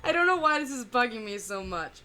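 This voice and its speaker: A woman giving casual, rambling reaction commentary full of fillers and pauses. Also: fairly high pitch, very animated, pushed and bright, a little hiss or hum. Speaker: reaction video host.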